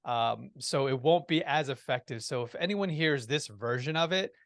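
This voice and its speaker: A man telling a personal story as a podcast guest, in a lively way, with frequent restarts. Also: medium pitch, moderate pace, dry recording, studio quality. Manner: lively, acts out quoted voices, restarts often.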